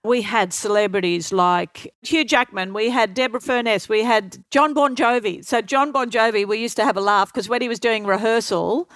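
Aussie woman, middle-aged, spinning a lively story in an interview, voice a bit high, dry close sound. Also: moderate pace, hardly any pauses, smooth, dry recording. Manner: lively anecdotal storyteller, acts out quotes. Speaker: guest.

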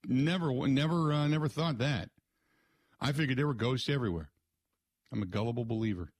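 A man's voice: mid-range voice, a little fast, no echo, studio quality. A man hosting a sports radio show, rambling and joking through casual rants. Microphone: studio mic.

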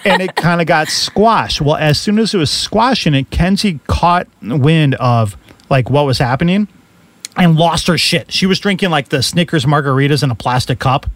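A man on a video call, telling casual stories in an animated way and laughing through them. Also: on the high side, moderate pace, no echo. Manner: animated storyteller, laughs through his anecdotes. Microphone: computer mic on a video call.

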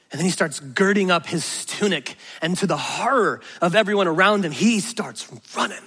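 A high-pitched male pastor preaching in an animated, earnest way. His bright voice carries a long reverb from a large church hall. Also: normal speed, husky. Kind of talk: sermon.

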